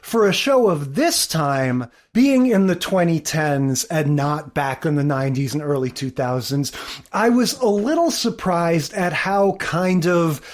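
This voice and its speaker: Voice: medium pitch, animated, a little slow. A podcast co-host in casual chat about sitcoms, rambling with many fillers. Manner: rambling, lots of fillers like "kinda like".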